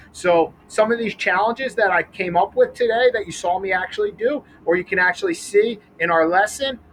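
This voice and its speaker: A man's voice: high voice, a bit bright, a little hiss or hum, low-quality recording. A young adult man coaching kids through a ball game outdoors at a school, upbeat and counting catches aloud. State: out of breath.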